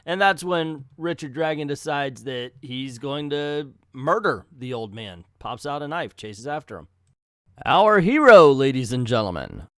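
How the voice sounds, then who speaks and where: A man hosting a casual comic book reading, animated and joking, with frequent laughter and incredulous asides. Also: medium pitch, unhurried, no room sound, clean studio sound. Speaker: comic book video host.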